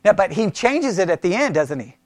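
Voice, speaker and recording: Animated male Bible study leader. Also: sits high, brisk, no echo, clean studio sound. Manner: animated, questioning, thinks aloud with many restarts. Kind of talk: casual Bible study teaching.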